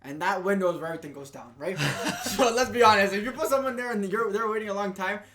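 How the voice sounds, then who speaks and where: A young man, a podcast guest, telling stories in a casual and animated way. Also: high voice, quick pace, crowd noise. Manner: animated, laughing storyteller. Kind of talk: casual storytelling.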